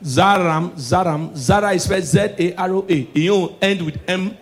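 A Nigerian man performing a stand-up comedy set, mixing Pidgin into his stories and swinging from soft asides to shouted punchlines. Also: sits high, moderate pace, a little hiss or hum.

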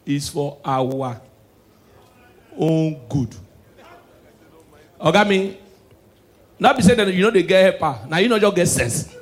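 Nigerian male stand-up, higher voice, animated, shouts the punchlines. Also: slow pace, long pauses. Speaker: stand-up comedian. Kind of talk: stand-up comedy in Nigerian Pidgin.

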